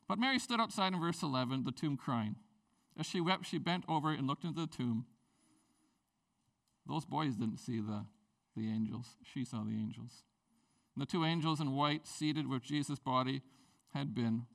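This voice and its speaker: A man preaching a conversational sermon, acting out the people in the story and swinging between loud bursts and hushed, intimate passages. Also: mid-range voice, expressive, normal speed, vocal fry. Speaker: pastor.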